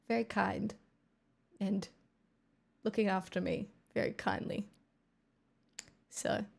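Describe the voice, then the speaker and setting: An Australian woman chatting on her livestream in a loose, playful ramble. Her voice sits a little high and carries a gravelly fry. She often trails off into soft murmurs. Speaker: streamer. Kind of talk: casual livestream chat.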